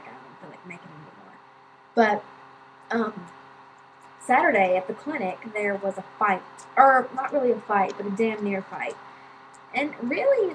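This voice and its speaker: A woman's voice: medium pitch, a bit bright, a little hiss or hum, low-quality recording. A woman vlogger telling a story in a chatty, casual way, with lots of fillers and swearing.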